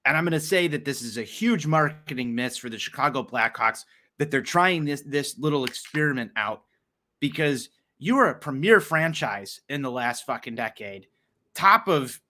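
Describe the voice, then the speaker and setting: A man on a casual sports podcast, worked up and ranting with real heat as he swears freely. His fairly high voice comes out bright and forceful. He pushes through long run-on sentences full of restarts. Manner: passionate, heated, swears freely. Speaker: podcast co-host. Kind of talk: casual sports talk rant.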